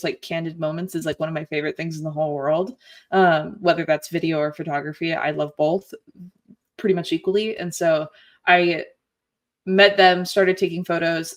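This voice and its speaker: Chatty young woman, upbeat and rambling. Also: lowish voice. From Florida. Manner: chatty, upbeat, many fillers. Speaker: podcast guest. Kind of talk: casual chat.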